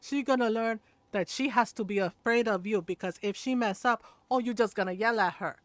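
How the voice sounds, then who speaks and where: A woman's voice: a little high, brisk, no echo, natural voice. A woman doing a stern Filipina auntie nurse. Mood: scolding. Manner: blunt scolding, clipped broken grammar. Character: tall stern middle-aged Filipina nurse aunt.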